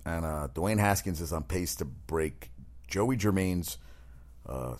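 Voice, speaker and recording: A man with a very low, deep voice hosts a loose talk segment. He rambles in a blunt, opinionated way, often restarting his sentences and swearing freely. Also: slow pace. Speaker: show host. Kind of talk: casual chat.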